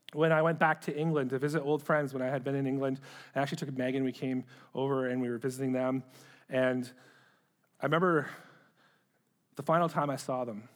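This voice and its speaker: A middle-aged man preaching a sermon, earnest, often repeating words as he starts a phrase. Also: mid-range voice. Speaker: pastor.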